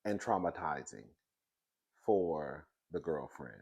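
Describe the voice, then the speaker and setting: A man hosting a casual pop-culture commentary show, animated and dramatic, calling everyone "girl" and laughing often. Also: rumbling low, slow, gravelly, husky.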